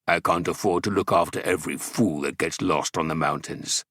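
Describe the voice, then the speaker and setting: A man's voice: sits low, normal speed, a bit bright, slightly rough, no echo, studio quality. A man voicing a big, cunning male mountain trapper who grunts and snarls with menace. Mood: gruff menace.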